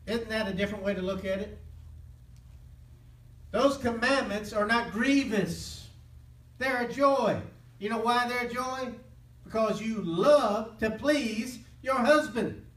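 A high-pitched male preacher leads a call-and-response Bible study, pausing for listeners to fill in each phrase. He speaks with earnest, impassioned conviction. The sound is roomy and echoey, picked up from a mic some distance away. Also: fairly bright tone. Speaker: Bible teacher. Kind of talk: interactive sermon. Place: church hall with live listeners.

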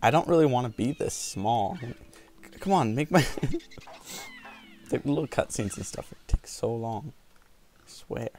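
A man casually commenting while playing a video game, sick with a cold, chatty, often laughing and quickly getting frustrated. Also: medium pitch, huge pitch swings, a little mellow, slight background noise. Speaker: gameplay video host. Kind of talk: casual let's play commentary.

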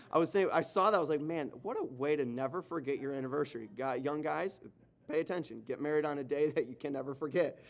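A pastor introduces a visiting evangelist to his church. He is a man with an average pitch who jokes along the way. He pauses often and fills the gaps with "uh.". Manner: joking, halting, many fillers. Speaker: pastor introducing guest speaker. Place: church sanctuary.

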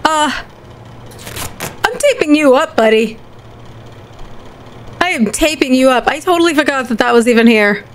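A woman's voice: high voice, lively intonation, moderate pace, pauses often, slight background noise. A woman giving horror game commentary, panicky, yelping and talking to herself. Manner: panicky, yelps and rambles to herself. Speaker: gaming commentator.

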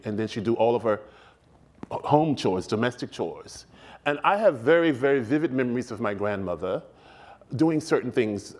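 A man in his sixties sits as a guest in a live stage interview. His voice sits in a middle register. He recalls his childhood in a measured, stately way, lingering on vivid details. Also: medium pitch. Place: stage before a live audience.

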